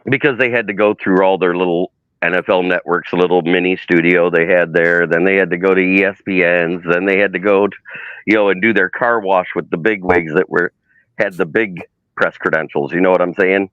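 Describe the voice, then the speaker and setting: A man's voice: deep voice, fairly quick, clear, resonant tone, dry recording. Man telling stories, dull dry sound. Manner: animated storyteller, acts out quotes. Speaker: sports media intern and livestream guest. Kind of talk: casual livestream storytelling.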